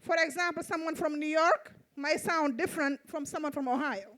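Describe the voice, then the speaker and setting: A woman with a Mauritanian accent, a native Fulani speaker, reciting a spoken-word poem in a measured, rhythmic way on an outdoor festival stage. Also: high-pitched, fairly bright tone. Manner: measured, repetitive rhythmic delivery. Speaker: poet and event host.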